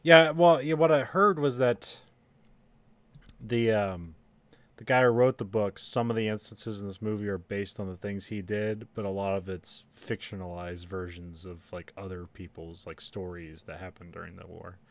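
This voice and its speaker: A man's voice: on the low side, steady tone, normal speed. Rambling, laughing podcast co-host man. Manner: rambling, laughs often, trails off. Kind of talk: casual chat.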